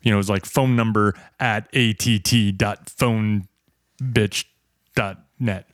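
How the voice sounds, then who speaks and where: Male podcast co-host, mid-pitched, rambling anecdotes, dry close room. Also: steady tone, takes it slowly, dry recording. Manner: rambling storyteller, self-correcting. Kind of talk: casual chat.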